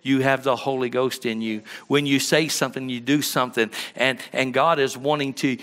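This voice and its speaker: A man preaching a sermon as pastor, telling folksy stories in a conversational way and rising to loud, animated peaks. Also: mid-range voice, normal speed.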